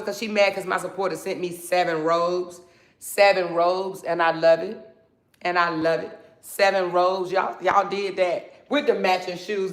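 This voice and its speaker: A woman's voice: mid-range voice, fairly bright tone. A middle-aged woman on a casual livestream, reading out viewer comments with a sassy, laughing manner and talking straight to her viewers.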